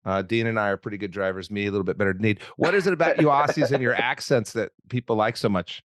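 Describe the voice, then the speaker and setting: A man's voice: on the low side, quick pace, a bit bright, no echo. A man hosting a podcast, joking and teasing his guest in a rambling, casual chat. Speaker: podcast host.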